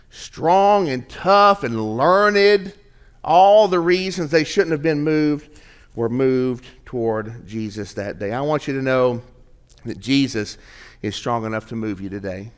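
A man's voice: fairly high pitch, smooth. A middle-aged man preaching a conversational sermon to a congregation in church, joking with the listeners. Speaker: pastor. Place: church sanctuary.

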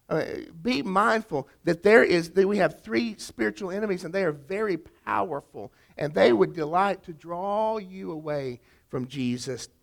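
A middle-aged pastor preaching a sermon, pressing his listeners with rhetorical questions and dropping into quiet storytelling. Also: a little high, gravelly.

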